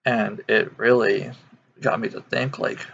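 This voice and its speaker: A man's voice: fairly low pitch, steady tone, measured pace, creaky, fairly bright tone, lo-fi sound, a little hiss or hum. An American man in his twenties to thirties, talking casually to camera, rambling with many fillers and restarts. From United States. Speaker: video host. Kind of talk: casual opinion monologue.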